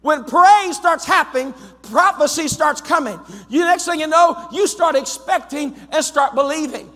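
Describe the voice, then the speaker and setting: A male pastor with an Ohio accent preaching a fervent sermon in a church, rising to shouts. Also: extremely high pitch, measured pace. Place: church sanctuary. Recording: long church reverb.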